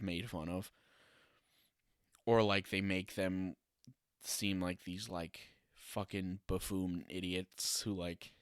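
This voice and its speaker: A man's voice: low voice, a bit bright, smooth, no echo, studio quality. A young man hosting a casual solo podcast, ranting with sarcasm and swearing and laughing often. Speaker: podcast host.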